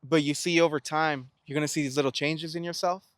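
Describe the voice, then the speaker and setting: A man's voice: a little high, fairly even intonation, a little fast, a bit bright, dry recording, clean studio sound. A young man talking to the camera in an earnest, reflective self-help monologue, often posing rhetorical questions and stumbling over repeated words. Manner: earnest, asks rhetorical questions and answers them; stammers and restarts words.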